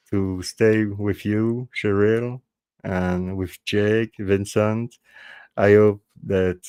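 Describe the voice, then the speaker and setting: A man with a French accent, a native French speaker hosting a panel podcast in casual chat, halting and restarting often. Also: on the low side, dark tone, clean tone, no echo. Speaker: podcast host.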